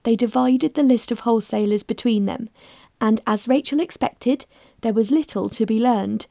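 A woman reads a mystery story aloud in a steady, measured way. Her voice sits fairly high and bright. The recording is dry and close, with no room sound. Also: gravelly, no room sound. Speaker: narrator. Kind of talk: scripted narration.

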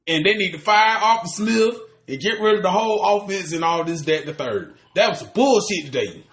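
A man's voice: high voice, expressive, brisk, fairly bright tone, reverberant. A man, co-hosting a podcast in casual chat, ranting animatedly and cursing with lots of restarts. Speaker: podcast co-host.

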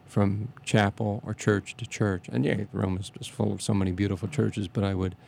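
A man reminiscing in a casual interview, speaking haltingly with many restarts and fillers and a reverent tone. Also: fairly low pitch, flat delivery, gravelly, darkish tone, slight background noise.

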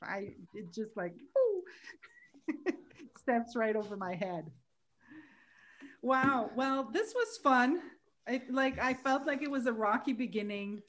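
A woman, hosting a casual podcast, chatty and quick to laugh. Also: on the high side, expressive, a bit bright. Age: 40s. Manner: chatty, laughs easily, trails off. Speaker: podcast host.

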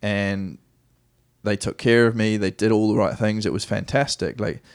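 A man's voice: on the low side, steady tone, moderate pace, no room sound, studio quality. A man with a New Zealand accent, a podcast guest telling rambling, self-correcting stories about his soccer career in a casual, easy way.

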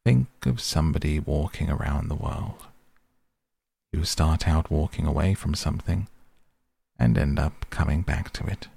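A man's voice: a bass voice, moderate pace, gravelly, warm tone, husky, dry recording, exaggerated voice. A man voicing a sly, unimpressed cat. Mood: dry. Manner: dry, conversational, faintly mocking.

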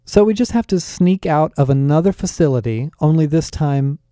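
A man's voice: fairly high pitch, animated, moderate pace, warm tone, clear, resonant tone, no room sound, studio quality, voice pushed up, lightly acted. A man voicing an indignant, sardonic young man.

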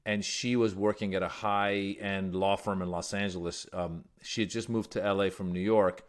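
In a laid-back interview, an Iranian-born comedian who grew up in the United States after moving there as a child spins rambling tales. He speaks at normal speed in a low, level voice, frequently starting over and leaning on fillers.

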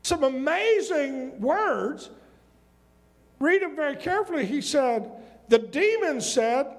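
A man's voice: extremely high pitch, animated, slow pace, pauses often. A male pastor preaching a sermon, reading scripture and turning to the congregation with questions and asides. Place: church sanctuary. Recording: long hall reverb.

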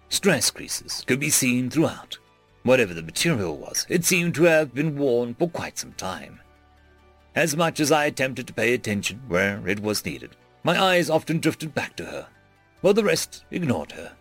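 A man narrating a written story in an expressive, varied reading. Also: mid-range voice.

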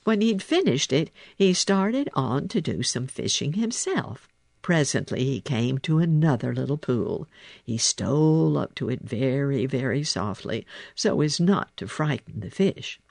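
A man narrating a children's animal storybook in an expressive, animated way. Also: mid-range voice, unhurried, creaky, no room sound. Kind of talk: storybook reading.

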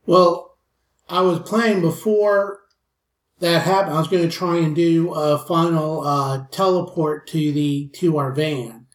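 A man with a slightly high voice speaks very slowly and wryly as a player in a tabletop game. He sits far from the mic, and the room around him is echoey. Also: steady tone. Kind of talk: casual tabletop play.

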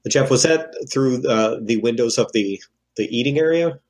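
A man playing a tabletop game, narrating his character's actions in a lively way. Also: mid-range voice, moderate pace. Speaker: player. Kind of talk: casual tabletop play.

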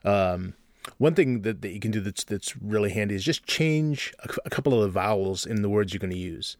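A man's voice: on the low side, fairly quick, darkish tone, no echo, clean studio sound. A man co-hosting a podcast, talking casually with many restarts and fillers. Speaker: podcast co-host. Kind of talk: casual chat.

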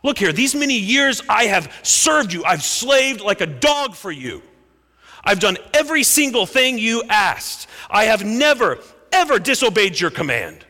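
An angry older brother who feels cheated, his grievances coming out loud, high and insistent, as a male preacher acts him out mid-sermon. The voice rings bright and sharp, with long hall reverb behind it. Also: big pitch swings, unhurried, full character voice. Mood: indignant. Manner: indignant, raised and emphatic. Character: resentful, furious older brother, a hardworking farm son.

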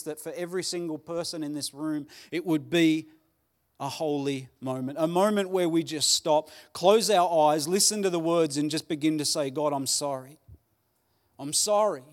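A man preaching a Sunday sermon, earnest and pleading, with dramatic pauses. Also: a little high. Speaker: pastor. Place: church hall.

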